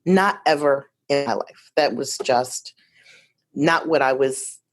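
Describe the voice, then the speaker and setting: A woman in her fifties from Detroit, a guest telling her life story in a lively, chatty way with many asides. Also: rumbling low, slow. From Detroit, USA. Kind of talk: casual storytelling conversation.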